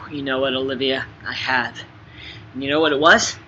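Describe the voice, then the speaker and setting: A man's voice: mid-range voice, steady tone, normal speed. Playful young man, jokey interviewee. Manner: playful, jokey, swings between soft asides and loud bursts. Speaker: interviewee, actor. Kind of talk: casual fun interview. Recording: slightly dull sound with faint background noise.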